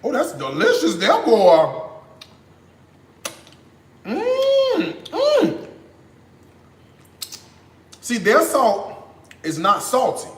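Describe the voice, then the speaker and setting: Exuberant high-voiced man in an echoey kitchen. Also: very animated, unhurried. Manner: exuberant, bursts into high whoops and moans of delight; chatty, addresses viewers directly. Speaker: cooking channel host. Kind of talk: casual cooking vlog talk. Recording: echoey room.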